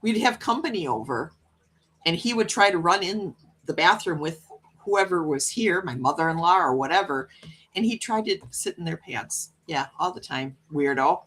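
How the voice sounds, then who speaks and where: Her voice is on the low side with a breathy edge, moving at a moderate pace as she hosts a casual livestream chat. Reading comments from viewers, she chatters, laughs often, and does animated cat voices.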